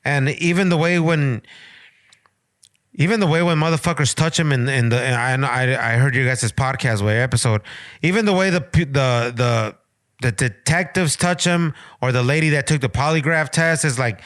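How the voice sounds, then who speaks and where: A man's voice: mid-range voice, moderate pace, fairly bright tone, no echo, clean studio sound. A man with a Mexican-American accent co-hosting a podcast, talking heatedly and mixing in Spanish. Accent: Mexican-American English. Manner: heated, slips between English and Spanish. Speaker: podcast co-host. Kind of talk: casual chat.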